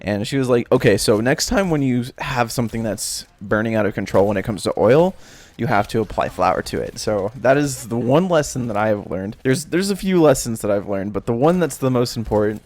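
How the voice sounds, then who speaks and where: A young man narrating a personal story in a casual vlog, swearing a lot and breaking into panicked shouts while he acts out the memory. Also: mid-range voice, lively intonation, a little fast, dry recording. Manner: swearing, screams in acted-out panic. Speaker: storytelling vlogger.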